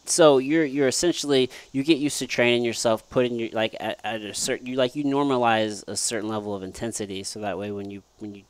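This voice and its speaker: A man's voice: mid-range voice, a little fast, hardly any pauses, clear, resonant tone, no echo. A man hosting a podcast interview, talking casually and affirming his guest often. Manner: casual, affirming, lots of "you know what I mean". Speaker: podcast host.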